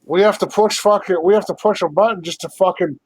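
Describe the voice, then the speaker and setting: An American man co-hosts a podcast over a video call, speaking quickly in a high-sitting voice. The chat is casual, and he's laid-back, rambling, and swears casually.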